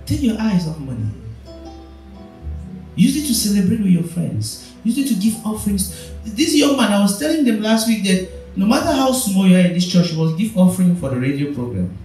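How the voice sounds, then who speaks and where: A man's voice: high-pitched, sing-song, fairly quick, darkish tone, heavy reverb, distant mic, faint music behind, rough recording. A man preaching a sermon as pastor, firing off rhetorical questions to his congregation. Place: church.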